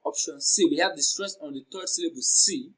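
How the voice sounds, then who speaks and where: A man from Nigeria teaching an exam prep lesson, reading out options and slowly repeating words to show their sounds and stress. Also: fairly high pitch, fairly bright tone, rough recording. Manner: slow, deliberate, repeats words for pronunciation drills.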